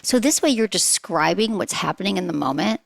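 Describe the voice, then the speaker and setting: A woman's voice: mid-range voice, expressive, fairly quick, vocal fry, no room sound. A woman hosting a podcast, giving chatty sex advice with frequent rhetorical questions. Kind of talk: casual advice talk.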